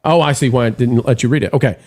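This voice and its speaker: A man hosts a casual live stream, rambling through viewer messages he reads aloud, full of fillers and restarts. His voice is mid-range, fast and slightly dark in tone.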